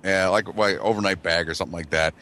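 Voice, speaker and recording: A man's voice: low voice, fairly even intonation, fast talker, bright, forceful tone, slight background noise. A man casually telling a profane, rambling story and laughing as he goes. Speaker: regular on a men's chat show, Navy veteran.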